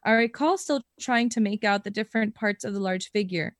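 A woman's voice: medium pitch, fairly quick, dry recording, clean studio sound. A young adult woman co-hosting a podcast, reading a listener's story aloud with casual, swearing asides. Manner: expressive reading, breaks into laughter and swearing.

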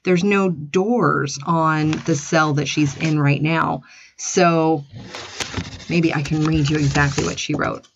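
A woman's voice: sits low, fairly even intonation, slow pace, gravelly, a little hiss or hum. A woman hosting a podcast, telling stories in a chatty, rambling, casual way. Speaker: podcast host. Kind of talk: casual monologue. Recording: dull, slightly lo-fi dry recording.

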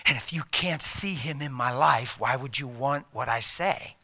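A middle-aged man preaching a sermon in a church, plain-spoken and folksy, swinging between loud urgent exhortation and quiet intimate hush. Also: mid-range voice, normal speed, a little hiss or hum. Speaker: pastor.

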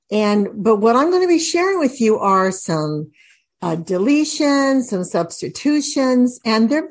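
A woman reading teacher explaining phonics drills to parents, modeling each word slowly and deliberately. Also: mid-range voice. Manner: slow, deliberate, modeling words to say aloud. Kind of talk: instructional talk to parents.

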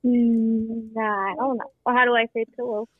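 A woman's voice: fairly high pitch, flat delivery, normal speed. A woman on speakerphone, teasing the men in the room playfully. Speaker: host's girlfriend on speakerphone. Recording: tinny phone speaker played in the room.

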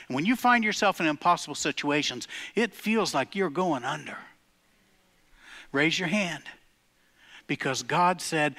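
Emphatic older pastor, high bright voice. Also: male voice, lively intonation, measured pace, long pauses. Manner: emphatic, repeats key phrases for effect. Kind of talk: sermon. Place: church gathering.

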